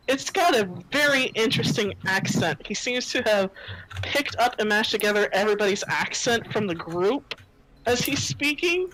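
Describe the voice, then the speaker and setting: A woman running a tabletop game as game master, narrating scenes in an unhurried, descriptive way with fillers. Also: fairly high pitch, lively intonation, a bit bright, a little hiss or hum, poor audio.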